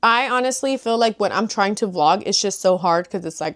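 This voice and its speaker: A young woman sits and talks straight to her viewers in a relaxed, unscripted chat. She rambles from thought to thought with plenty of fillers and restarts, her voice at an ordinary middle pitch. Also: normal speed. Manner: chatty and rambling, full of "like" and "you know". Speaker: vlogger. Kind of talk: casual chat to camera.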